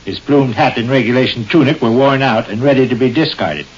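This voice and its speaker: A man's voice: medium pitch, brisk, husky, muffled recording, lightly acted. A man playing a pompous middle-aged husband who speaks in solemn, ornate phrases, acted in 1930s radio comedy style on a hissy old recording. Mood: pompous aggrieved. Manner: grandiloquent, formal wording.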